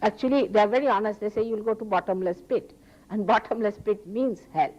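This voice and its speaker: A woman giving a public spiritual talk, earnest and emphatic, often rising sharply in pitch. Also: a little fast, darkish tone, muffled recording. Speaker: spiritual teacher. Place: public hall.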